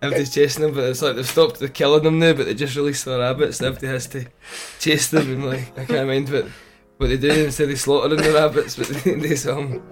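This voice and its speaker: A man's voice: mid-range voice, steady tone, fast talker, hardly any pauses. Scottish guy rambling thru stories, trails off, chuckles, faint music behind. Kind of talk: casual chat.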